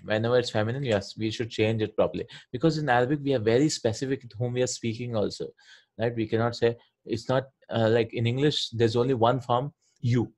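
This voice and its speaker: A man's voice: mid-range voice, fairly even intonation, fairly quick, darkish tone. A man teaching an online Arabic lesson, patiently explaining step by step and asking his students questions.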